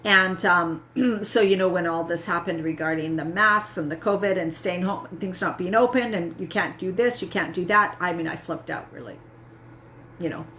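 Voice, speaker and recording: A middle-aged woman coach speaks in a fairly low voice, candid and self-mocking, checking in with her listeners as she goes. A faint hum of room sound sits behind her. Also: normal speed, sharp tone. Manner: candid, self-mocking, frequent "right?" asides. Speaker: health coach. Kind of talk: casual talk to camera.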